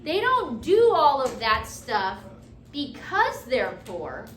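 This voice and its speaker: High bright woman teaching a class. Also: slight background noise. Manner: checks in with students often. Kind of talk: classroom lecture. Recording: echoey classroom from far off.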